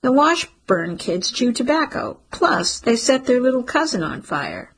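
A woman playing a young boy in a storybook reading who exaggerates his troubles. The voice sits a little higher than the narrator's and stays husky and breathy. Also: big pitch swings, unhurried, fairly bright tone, exaggerated voice, poor audio. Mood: complaining. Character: young boy, Jasper, quiet and dramatic.

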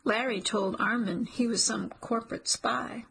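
A woman voicing a fed-up, snarky young female coworker who talks in quick, exasperated bursts. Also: a little high, fairly even intonation, vocal fry, fairly bright tone, husky, heavily acted.

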